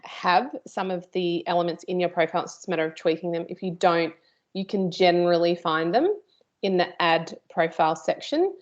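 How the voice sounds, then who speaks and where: A woman's voice: fairly low pitch, a little mellow. Chatty woman presenter, muffled audio. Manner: chatty, with playful asides to the host. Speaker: workshop presenter and teacher. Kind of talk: live online workshop presentation.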